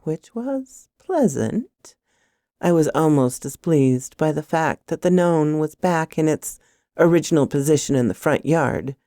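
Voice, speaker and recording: A woman with a low, mellow voice reads a first-person horror story. Her pitch swings widely as she builds suspense, and the sound is close and dry. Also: dry recording.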